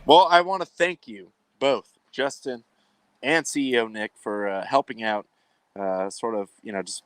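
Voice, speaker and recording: Male host, relaxed wry sports banter, mid-range voice, dry recording. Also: medium pitch, no room sound. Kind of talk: casual sports chat.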